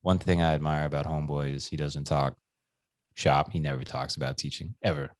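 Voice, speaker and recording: Deep-voiced man in casual chat. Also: fairly even intonation, fairly quick, darkish tone, dry recording. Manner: laid-back, swears freely, laughs often. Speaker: podcast co-host.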